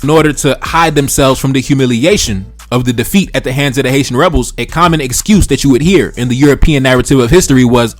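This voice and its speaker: A man giving an opinionated history commentary in colloquial speech, with emphatic delivery and sarcastic rhetorical questions. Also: medium pitch.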